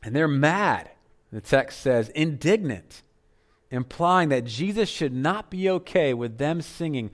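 A man preaching a sermon as pastor, earnest, dropping to softer tones for emphasis. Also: a little high, expressive, measured pace.

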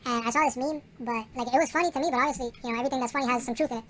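Fast, heated high-voiced woman. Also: steady tone, fairly bright tone. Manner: heated, keeps saying "you get me". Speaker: podcast co-host. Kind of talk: casual chat.

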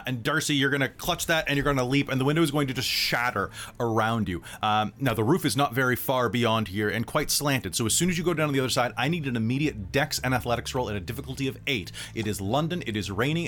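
A man's voice: medium pitch, fast, hardly any pauses, a bit bright. A man narrating as game master, loose and rambling, with many fillers.

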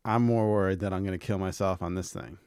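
A man with a fairly low voice, recorded close and dry with no room sound. He talks in a loose, rambling way, tells casual stories, swears freely and breaks into laughter as he co-hosts a podcast chat. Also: steady tone, quick pace, darkish tone, clean tone, no echo. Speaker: podcast co-host.

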